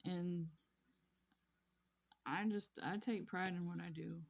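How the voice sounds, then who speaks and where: A woman's voice: on the low side, steady tone, slow pace, gravelly. A woman vlogging casually about her craft hobby, rambling and repeating herself in an easygoing way. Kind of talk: casual chat while crafting.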